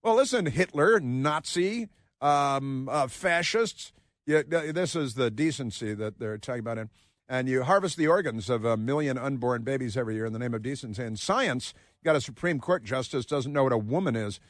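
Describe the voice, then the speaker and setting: A man's voice: medium pitch, lively intonation, normal speed, no echo, studio quality. A man hosting talk radio, mocking and rambling, with frequent filler words. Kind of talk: casual talk radio commentary.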